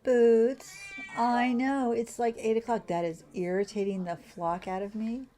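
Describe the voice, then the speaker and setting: A woman's voice: on the high side, fairly even intonation, mellow, slight background noise. Chatty woman narrating gameplay. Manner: chatty and exclamatory, quick laughs. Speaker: gaming channel host. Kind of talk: casual gameplay commentary.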